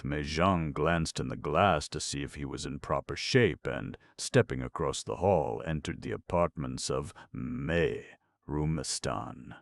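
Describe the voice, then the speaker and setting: A man narrating a classic novel in a measured, even reading. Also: extremely low pitch, dry recording. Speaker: audiobook narrator. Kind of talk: scripted narration.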